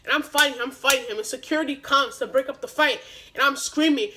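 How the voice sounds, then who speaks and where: Young woman, high voice, casual storytime, lively and profane. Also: fast talker, noisy background. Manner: animated, profane, slangy retelling. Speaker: vlogger.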